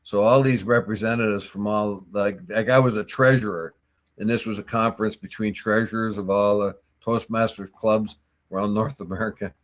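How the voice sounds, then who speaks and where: A man co-hosting a morning talk show, telling stories and giving opinions in a casual, animated way. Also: on the low side, moderate pace. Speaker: co-host. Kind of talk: casual chat.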